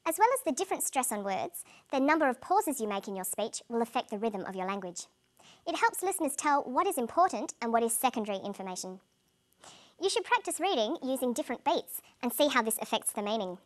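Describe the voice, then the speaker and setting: A woman with a fairly high voice hosts a scripted English lesson. She speaks clearly and carefully, pronouncing each word for learners. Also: big pitch swings. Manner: clear, measured, carefully enunciated delivery. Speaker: English language teacher presenting the lesson. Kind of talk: scripted educational presenting.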